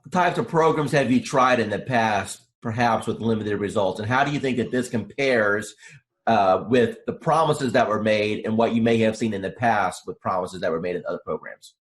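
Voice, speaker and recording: Man asking measured interview questions. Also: fairly low pitch. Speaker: interviewer and program host.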